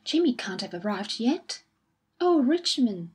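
A woman reading the part of a kindly, fussy elderly retired army colonel in an audiobook, with a breathy voice. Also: medium pitch, normal speed, mellow, soft background music. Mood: excited.

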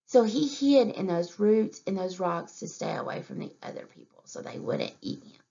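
A preschool teacher reads a storybook aloud, her voice gravelly with fry. She pauses to ask questions and point at the pictures, and the recording sounds muffled and lo-fi. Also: medium pitch, sing-song, warm tone. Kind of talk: storytime reading aloud to young children. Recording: dull lo-fi recording.

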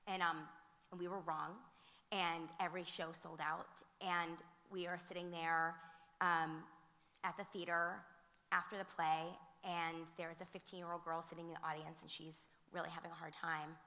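A woman who teaches and directs theater, speaking on a panel and telling animated stories full of fillers and restarts. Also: on the low side, normal speed. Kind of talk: conversational storytelling at a conference. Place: museum auditorium. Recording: reverberant hall sound.

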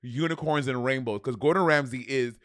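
A man's voice: mid-range voice, fairly quick, fairly bright tone, dry recording, clean studio sound. A man co-hosting a casual podcast review of a TV show, blunt and salty, laughing often. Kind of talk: casual chat.

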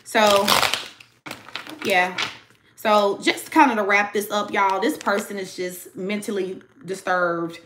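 A woman's voice: mid-range voice, fairly even intonation, slow pace, noisy background. A young woman giving a casual tarot reading to her viewers, chatty and slangy, talking straight to the audience. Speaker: tarot reader.

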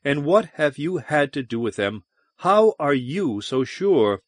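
Man doing a haughty young lady officer, a bit higher, lively pitch. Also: unhurried, no room sound. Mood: fierce. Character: proud young noblewoman officer, haughty yet scared.

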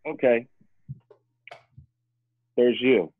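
A man's voice: medium pitch, extremely slow, no echo. A man who is a personal trainer, a podcast guest talking emphatically in casual conversation and acting out examples in other people's voices. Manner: emphatic, repetitive, acts out examples. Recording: tinny phone-like line, dry.

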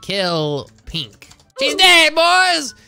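A man's voice: very high-pitched, wildly swooping pitch, very slow, gravelly, pushed and bright, soft background music. A man giving goofy, hyper gaming commentary, joking, laughing and slipping into silly voices. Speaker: gaming YouTuber.

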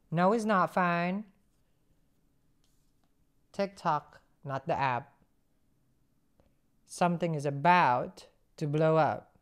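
A woman giving a tarot reading in a chatty way, humming as she thinks and asking rhetorical questions. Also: low-pitched. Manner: conversational, rhetorical questions, musing hums. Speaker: tarot reader.

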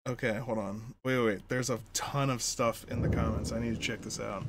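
A man's voice: mid-range voice, steady tone, brisk, noisy background. A man chatting casually while streaming a video game, riffing on jokes and laughing often. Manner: jokey, laughs often, riffs on bits. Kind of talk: casual gameplay chat.

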